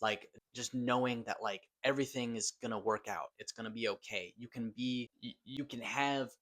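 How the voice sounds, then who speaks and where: A man's voice: mid-range voice, moderate pace, a bit bright. Gushing casual male film reviewer. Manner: gushing, casual, swears for emphasis. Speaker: movie reviewer.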